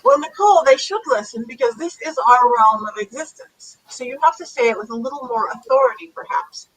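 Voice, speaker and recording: A woman being interviewed as a psychic medium, chatting in a lively, animated way over a video call. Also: high-pitched, a little fast, slightly rough, rough recording. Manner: chatty, animated, acts out commands to spirits. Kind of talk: casual interview chat.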